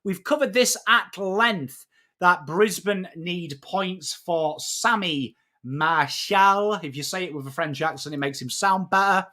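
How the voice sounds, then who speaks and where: A man's voice: sits high, measured pace. An English man hosting a live footy stream, chatting matily with viewers and breaking down trades, swearing now and then. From England. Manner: matey, excitable, swears freely, greets chat by name. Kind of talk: casual live-stream chat and trade analysis.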